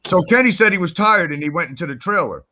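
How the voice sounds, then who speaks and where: A man on a talk show telling a story in a heated, profane, animated rant. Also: high voice, quick pace, lo-fi sound. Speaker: guest.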